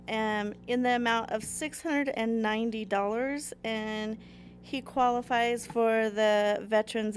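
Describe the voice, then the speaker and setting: Higher-voiced woman presenting formally. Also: a little hiss or hum. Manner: formal, hesitant with fillers. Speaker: county assessor.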